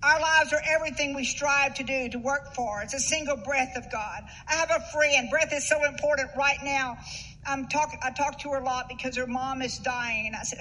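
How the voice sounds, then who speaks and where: High, bright-voiced woman preaching. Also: steady tone, normal speed, slight background noise, rough recording. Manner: earnest, rising to emphatic bursts. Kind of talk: sermon.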